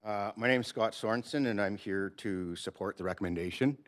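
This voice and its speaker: A man giving public comment at a city council hearing, measured as he rebuts the earlier speakers. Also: on the low side.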